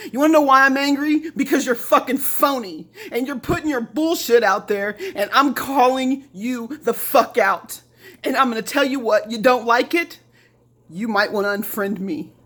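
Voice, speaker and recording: Looking straight into the camera, this middle-aged Lafayette, Indiana woman launches into a heated, profane rant. She repeats herself and mocks other people by imitating their voices. Her pitch is on the high side and her tone fairly bright.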